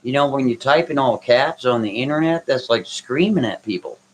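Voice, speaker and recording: A man's voice: medium pitch, lively intonation, normal speed, husky, poor audio. A man hosting a live stream, answering viewers' comments in a blunt, brash, dismissive way. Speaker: livestream host reading chat. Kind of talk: casual live chat.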